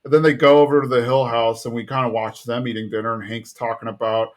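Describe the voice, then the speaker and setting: A man's voice: mid-range voice, level tone, quick pace. A man with a Southern US accent casually recapping a cartoon episode on a podcast. He acts out the characters' lines in raised voices as he tells the story. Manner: retells scenes, acting out characters' lines. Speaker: podcast host.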